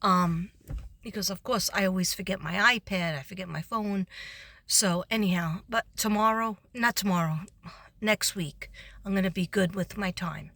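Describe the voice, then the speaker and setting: A chatty, tired woman rambling through a story about her workday. Her voice is bright and a little forceful, recorded close and dry with no room sound. She laughs often and slips into higher voices when quoting people. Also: moderate pace, vocal fry, no echo. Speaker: substitute teacher vlogger. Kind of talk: casual storytelling vlog.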